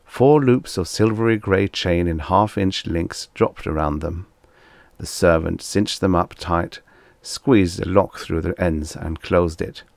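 Deep-voiced man reading vintage sci-fi. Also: slow pace, creaky, a little mellow, no room sound. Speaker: audiobook narrator. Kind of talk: scripted narration of vintage science fiction.

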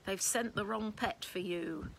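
A woman voicing a huge, blustering male god of the underworld in a booming, roaring manner. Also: unhurried, gravelly, a bit bright, slight background noise.

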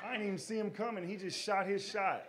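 A man's voice: high voice, fast talker, a bit bright, a faint crowd. A man performing a stand-up comedy set on a club stage, telling a loose, slangy story and acting out the quotes. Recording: live club recording with noisy room. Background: audience laughter.

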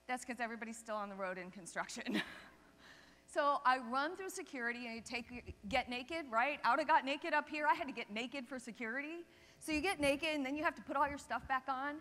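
A woman chiropractor giving a seminar talk, telling lively anecdotes and checking in with the audience. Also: high-pitched, fairly quick. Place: seminar hall stage. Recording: long reverb of a seminar hall.

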